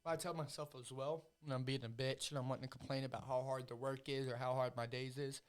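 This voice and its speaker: A man's voice: medium pitch, fairly even intonation, fast talker. A man who fights for a living talking as a podcast guest in casual chat, emotional and profane, often repeating himself.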